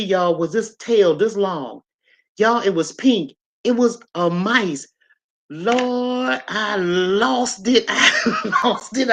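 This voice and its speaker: A woman hosting a livestream, chatting casually with viewers and telling animated, colloquial stories. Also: medium pitch, muffled recording. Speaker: livestream host. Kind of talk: casual chat and storytelling to viewers.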